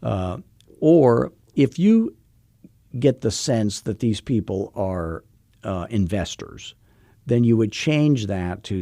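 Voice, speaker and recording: A man's voice: on the low side, big pitch swings, slow, mellow, no room sound. A man coaching real estate agents on a podcast, chatting through stories with frequent repeats and restarts. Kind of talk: podcast monologue with anecdotes.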